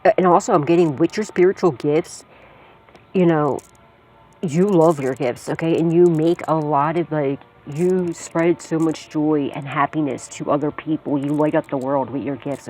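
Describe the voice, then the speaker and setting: A woman's voice: deep voice, fairly even intonation, moderate pace, warm tone, a little hiss or hum. A woman giving a casual tarot reading to her viewers, blunt and repetitive, swearing freely and laughing often. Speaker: psychic tarot reader.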